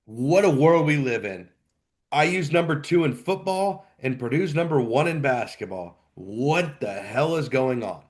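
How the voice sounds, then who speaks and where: A man's voice: mid-range voice, a little slow. Ranting male sports podcast co-host. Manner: ranting, animated, jumps between loud and quiet. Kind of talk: live postgame sports chat.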